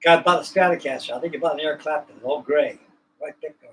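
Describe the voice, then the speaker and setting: A man's voice: fairly high pitch, fast talker, a bit bright, slight background noise, rough recording. A man hosting a livestream, chatting casually in a folksy, rambling, colloquial way. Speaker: livestream host. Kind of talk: casual chat.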